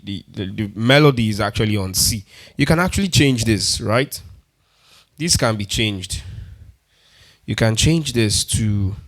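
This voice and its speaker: A man teaching how to build beats on a keyboard, counting one to four aloud and going over each step more than once. His pitch sits in the middle of the range, and keyboard sounds play behind him. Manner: counts beats aloud, repeats instructions patiently. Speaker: music tutorial host. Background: keyboard instrument sounds.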